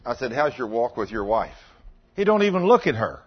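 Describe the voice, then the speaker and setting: Briskly and huskily, with great animation, a preacher tells sermon stories in a folksy style. He voices the dialogue himself and sometimes sinks to a low, intense register; the recording is dull and lo-fi.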